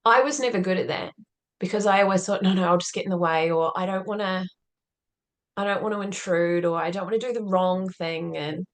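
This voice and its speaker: A woman's voice: on the low side, fairly quick. A woman as a podcast guest, telling a personal story in an earnest, reflective way and often saying "like". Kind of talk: conversational interview storytelling.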